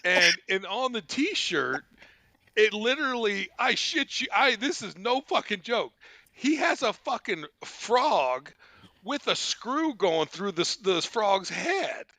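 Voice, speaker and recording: A man's voice: sits high, sing-song, slow pace, bright, forceful tone, dry recording. A man hosting a podcast, telling a rambling, profane family story and laughing often. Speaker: podcast host. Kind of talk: casual storytelling.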